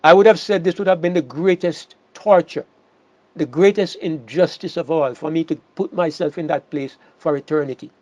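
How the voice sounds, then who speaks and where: A man delivers a sermon in a high voice, stressing key words and circling back over his phrases. The sound is dry and a little muffled. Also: moderate pace, a little mellow, dry recording. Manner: emphatic, repeats words and restarts phrases. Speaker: preacher.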